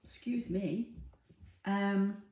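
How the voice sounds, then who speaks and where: Host: woman, relaxed and chatty, reading out comments in a roomy, echoey home room. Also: medium pitch, drawn-out words. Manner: chatty, relaxed, with frequent ums and laughs. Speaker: craft livestream host. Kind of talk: casual live chat, reading viewer comments aloud. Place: home room with a dog nearby.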